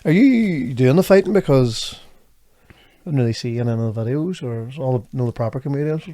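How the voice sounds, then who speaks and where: A man's voice: mid-range voice, expressive, quick pace, dark tone. A man co-hosting a podcast, teasing his partner with dry remarks. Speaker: podcast co-host. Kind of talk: casual banter.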